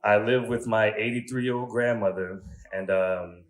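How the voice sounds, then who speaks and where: A man in his thirties doing a stand-up comedy set, telling crude stories in a conversational way and checking in with the crowd with quick asides. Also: fairly low pitch, fairly even intonation. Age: 30s. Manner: conversational storytelling, crude punchlines, frequent "right?" asides.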